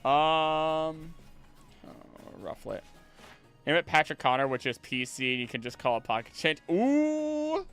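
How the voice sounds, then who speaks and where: A man streaming a game and chatting casually, rambling and animated, now and then slipping into playful voices. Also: medium pitch, normal speed, faint music behind. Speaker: streamer and voice actor.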